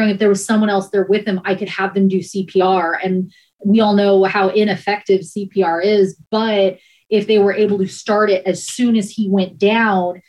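Woman, former emergency dispatcher, halting emotional telling, steady mid pitch. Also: rough recording. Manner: halting, emotional, with many restarts and pauses. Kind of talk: personal account in a conversation.

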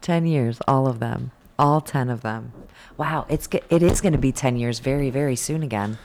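A woman's voice: very deep voice, moderate pace, background noise. A woman co-hosting a comedy podcast, playful and teasing in casual banter. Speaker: podcast co-host.

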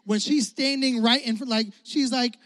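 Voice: medium pitch, steady tone, normal speed, a bit bright. A youth pastor preaching with a casual, joking manner, calling for responses from the crowd and laughing often. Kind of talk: energetic sermon. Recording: long hall reverb.

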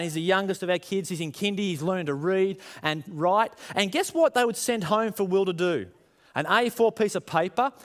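A man, preaching a conversational sermon to his congregation and rising in emphasis as he tells stories. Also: high voice. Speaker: pastor.

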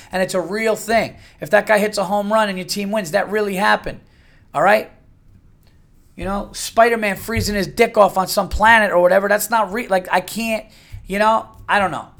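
A man's voice: sits high, creaky, a bit bright. A middle-aged man hosting a casual solo podcast, talking bluntly and profanely and rambling through restarts. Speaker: podcast host.

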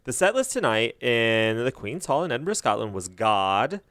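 A man's voice: mid-range voice, sing-song, normal speed, a bit bright, dry recording. Playful male podcast co-host, dry sound. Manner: playful, reads a set list aloud. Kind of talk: casual chat.

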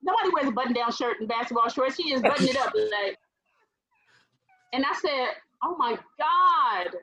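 A woman with a high, bright voice tells a story on a radio talk show, acting out each person's lines as she goes. The audio sounds a bit dull and lo-fi. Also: brisk, no room sound. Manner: animated, acts out quoted voices, laughs while telling. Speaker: guest.

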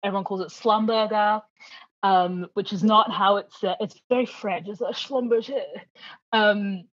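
A woman guest telling a long story in casual chat, animated, laughing often and acting out the people she quotes. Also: mid-range voice, normal speed, dry recording, highs cut off.

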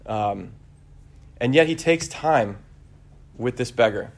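A man preaching a conversational homily, relaxed and searching, with frequent fillers and restarts. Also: medium pitch, slow, gravelly.

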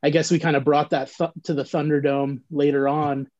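A man's voice: on the high side, little pitch movement, brisk, a little mellow, highs cut off. A man reminiscing in casual chat, rambling in a laid-back way with lots of "like.". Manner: laid-back rambling storytelling, heavy use of "like". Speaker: band member recalling band history.

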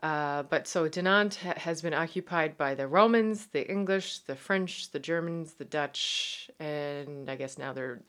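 A woman's voice: sits low, measured pace, few pauses, fairly bright tone. A woman in her thirties with a Newfoundland accent, hosting her podcast in a chatty, rambling way full of fillers and restarts. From Newfoundland, Canada. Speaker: podcast host. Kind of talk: casual chat.

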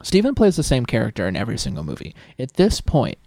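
A man's voice: mid-range voice, huge pitch swings, fast talker, a little mellow, no echo, studio quality. A man co-hosting a podcast in casual chat, firing off incredulous rhetorical questions. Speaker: podcast co-host.

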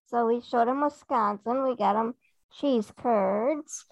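Podcast co-host, woman, creaky gravelly voice, rambling stories, dry close mic. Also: a little high, takes it slowly, dry recording, muffled recording. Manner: rambling storyteller, acts out what others said. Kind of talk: casual chat.

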